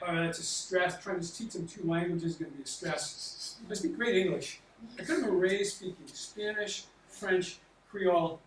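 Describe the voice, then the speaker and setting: Older male doctor, sixties, animated storyteller who acts out dialogue; distant mic in a reverberant hall. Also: high voice, slight background noise. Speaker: doctor giving a talk to students. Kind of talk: storytelling talk. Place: large lecture hall.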